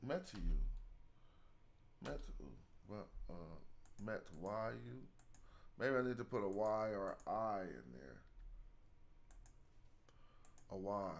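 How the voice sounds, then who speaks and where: A man's voice: fairly high pitch, fairly bright tone. A man hosting a casual live study stream, thinking aloud in slang as he works through hieroglyphs.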